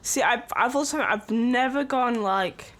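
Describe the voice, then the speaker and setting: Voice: mid-range voice, unhurried, a bit bright. A streamer chatting casually and rambling, with lots of filler words and small laughs.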